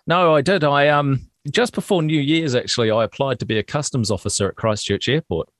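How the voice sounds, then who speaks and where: A man's voice: medium pitch, a little fast, a bit bright, dry recording, studio quality. A middle-aged man with a New Zealand accent, co-hosting a podcast and trading jokes in casual chat. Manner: jokey, laughs often. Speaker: podcast co-host.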